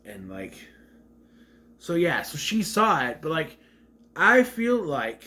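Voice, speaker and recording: A man's voice: on the high side, wildly swooping pitch, slow pace, sharp tone. A man giving a casual, rambling movie rant, with a slight stutter, acting out quotes in raised voices. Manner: mentions a stutter. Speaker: movie reviewer.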